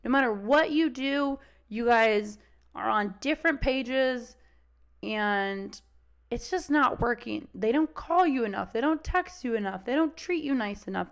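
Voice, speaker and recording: A woman's voice: on the high side, animated, measured pace, gravelly, fairly bright tone. A young adult woman dog trainer talking casually on a podcast, swearing freely and acting out the voices of dogs and owners.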